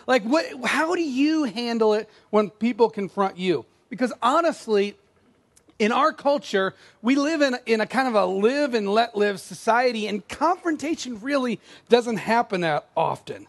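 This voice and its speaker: Casting: middle-aged male pastor, high-pitched, chatty and self-deprecating in the pulpit. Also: very animated, normal speed. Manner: conversational, self-deprecating, acts out quoted lines. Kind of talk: sermon.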